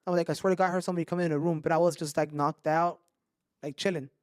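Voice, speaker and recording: Brief: animated male podcaster, quick high voice, swears freely. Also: no room sound, studio quality. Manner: animated, swears a lot, mixes in Spanish slang. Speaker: podcast host. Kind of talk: casual storytelling chat.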